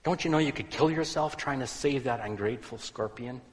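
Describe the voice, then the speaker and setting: Male preacher voicing a scolding passerby, loud, high, contemptuous, hall reverb. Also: fairly quick, lightly acted. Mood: scornful. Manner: shouting, scolding. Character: scornful shouting passerby, adult man.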